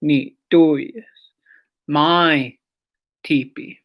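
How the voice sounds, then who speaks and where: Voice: medium pitch, slow, a bit bright. A language teacher leading a lesson, saying each word several times and explaining how it is stressed, sometimes dropping to a whisper on a repeat. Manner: explains pronunciation patiently with short asides.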